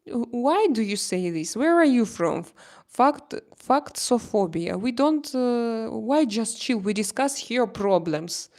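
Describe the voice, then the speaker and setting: A woman with a Slavic accent hosting a casual livestream chat, answering viewers' comments in halting, animated English full of restarts. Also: on the high side. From Slavic country. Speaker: livestream host.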